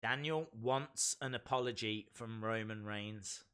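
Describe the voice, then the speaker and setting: A man's voice: on the low side, unhurried, fairly bright tone, smooth. A man hosting a casual live reaction stream of a wrestling show, playfully repeating phrases and reading out viewers' chat.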